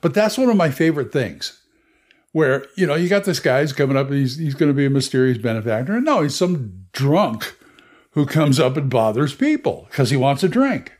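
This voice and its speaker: A man's voice: mid-range voice, very animated, a little fast, darkish tone. A man hosting a podcast, telling game stories in a casual, rambling monologue. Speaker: podcast host. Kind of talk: casual monologue on tabletop games.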